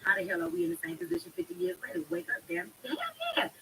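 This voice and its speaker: A woman's voice: very high voice, very animated, racing, creaky, pushed and bright, a little hiss or hum, poor audio. A woman hosting a live stream, ranting with fire and profanity while answering her chat. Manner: fiery, profane, addresses the chat directly. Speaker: livestream host.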